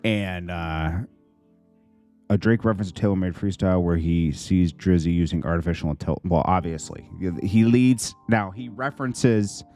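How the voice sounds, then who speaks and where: A man with a low voice talks casually through a rap breakdown, rambling and filling gaps with "you know" and "like". He jumps into high, squeaky voices when he mocks what people say. Faint music plays behind him. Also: moderate pace, mellow. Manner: rambling, with many fillers and pitched-up mock quotes. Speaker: commentator breaking down a diss track. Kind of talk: casual reaction commentary.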